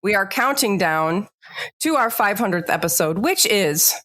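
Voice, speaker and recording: A woman's voice: mid-range voice, lively intonation, a little slow, a bit bright. A woman co-hosting a podcast in casual, chatty talk, laughing off her own slips. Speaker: podcast co-host.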